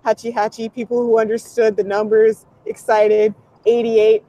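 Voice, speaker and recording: A woman's voice: fairly high pitch, normal speed, muffled recording, slight background noise. A woman recapping a concert in a casual chat, telling it animatedly with lots of "like". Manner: animated storytelling with quoted voices, frequent "like". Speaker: convention reporter.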